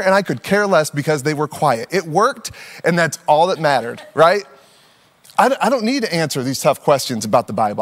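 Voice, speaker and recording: A man in his thirties preaches with a fairly high voice, talking to the congregation as if chatting with friends. He tells stories with energy and slips into playful put-on voices. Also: brisk, big-room sound. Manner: conversational, animated storytelling with playful put-on voices. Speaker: pastor. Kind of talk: sermon.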